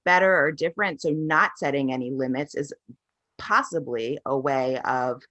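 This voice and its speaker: A woman's voice: rumbling low, moderate pace, fairly bright tone. A woman answering interview questions as a parenting coach, telling her experiences in an earnest, reflective way.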